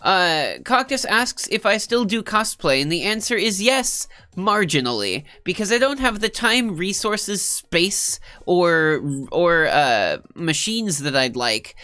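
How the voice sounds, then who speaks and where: A woman's voice: lowish voice, big pitch swings, slow pace, hardly any pauses, pushed and bright. A woman streamer with a stuffed-up nose, chatting casually and rambling with her live viewers, often cutting herself off and joking. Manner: rambling, self-interrupting, joking.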